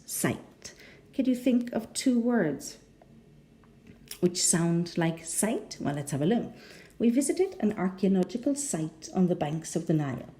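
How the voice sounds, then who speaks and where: A woman teaching an English pronunciation lesson, repeating words slowly and checking in with "no?". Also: fairly low pitch, warm tone.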